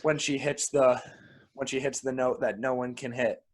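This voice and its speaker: Man, podcast co-host, casual movie review chat, opinionated, mid-pitched voice. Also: flat delivery, normal speed. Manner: opinionated, repeats words when starting sentences.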